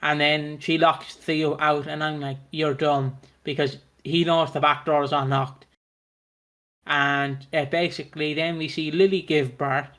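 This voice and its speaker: A man's voice: fairly high pitch, level tone, measured pace, a bit bright. Chatty man recapping a soap. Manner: chatty, laughing, swearing, acts out characters' lines. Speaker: podcast co-host recapping a soap opera. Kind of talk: casual chat.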